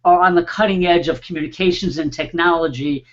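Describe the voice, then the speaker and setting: A man hosting an online panel show, warmly introducing his guests and filling pauses with small "uh"s. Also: a little high, fairly even intonation, lo-fi sound. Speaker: host.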